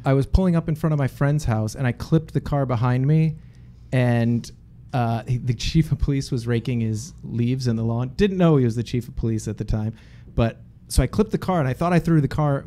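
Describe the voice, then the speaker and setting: A man from Boston, a podcast co-host telling stories in a casual chat and putting on voices for the people in them. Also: mid-range voice. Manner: animated, puts on voices in his stories.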